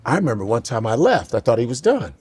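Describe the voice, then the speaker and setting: A man's voice: medium pitch, fast, breathy edge. A man co-hosting a comedy podcast, chatting loosely and acting out his strict father's voice. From Nigerian family in America. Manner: animated, acts out his father's voice. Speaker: podcast co-host. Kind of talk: comedic casual chat.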